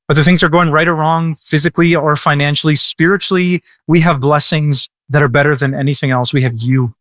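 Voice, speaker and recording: A man's voice: fairly high pitch, fairly even intonation, fairly quick, a bit bright, dry recording. Stammering casual male pastor, dry sound. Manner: casual, many stammered restarts and repeated words. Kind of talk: prayer and answering a listener question.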